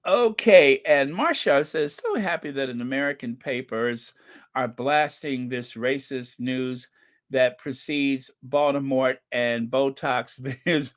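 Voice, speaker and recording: A man with a mid-range voice speaks slowly while hosting his own online channel. He chats casually, reads viewer comments aloud and laughs often.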